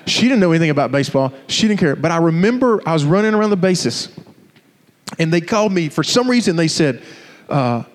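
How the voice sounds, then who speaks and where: A man preaching a sermon, telling personal stories in an animated, joking way and putting questions to the crowd. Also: fairly high pitch, in a large hall.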